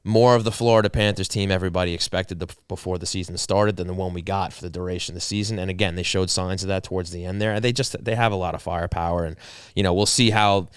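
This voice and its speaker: Smooth low-voiced New hockey co-host. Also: male voice, quick pace, no echo, studio quality. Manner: animated, loud pitch during sponsor reads. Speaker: podcast co-host. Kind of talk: casual hockey talk and live-read ads.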